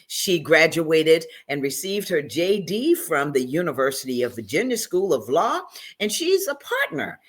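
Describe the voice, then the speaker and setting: A woman's voice: low-pitched, big pitch swings, unhurried. A woman hosting a talk show interview, effusive and emotional, often stumbling over her words. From Charleston, South Carolina.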